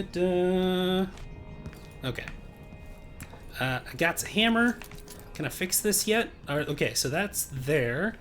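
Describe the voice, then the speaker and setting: A man streaming a game playthrough, rambling casually and reading in-game text aloud. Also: on the high side. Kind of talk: casual let's play commentary.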